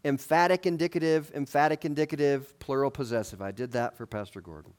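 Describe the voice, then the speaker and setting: A man's voice: medium pitch, brisk, darkish tone. A man preaching a sermon in a conversational way, asking his listeners questions and adding light humor.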